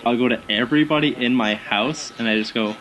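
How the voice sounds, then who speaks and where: A man chatting casually as a guest, telling lively anecdotes with frequent fillers and laughs. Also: mid-range voice, fairly quick, poor audio. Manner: animated anecdotes with acted quotes, frequent fillers. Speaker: guest, haunted house actor. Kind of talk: casual chat, storytelling.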